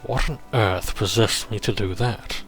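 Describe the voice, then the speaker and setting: A man doing a wistful, soft-spoken adventurer. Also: on the low side, measured pace, soft background music. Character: male fantasy adventurer, wistful and reserved.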